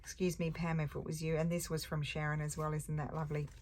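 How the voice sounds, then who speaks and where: A woman's voice: low-pitched, little pitch movement, fast, darkish tone, a little hiss or hum. An older woman with an Australian accent, tired, chatting casually and thinking aloud as she works on a craft project. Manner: chatty, easily distracted, thinks aloud while working. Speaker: craft channel host.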